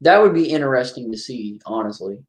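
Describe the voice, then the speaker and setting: Lively man chatting through a movie. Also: medium pitch, a little fast. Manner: chatty, reacting aloud to the film as he watches. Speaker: horror movie commentator. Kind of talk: casual watch-along commentary.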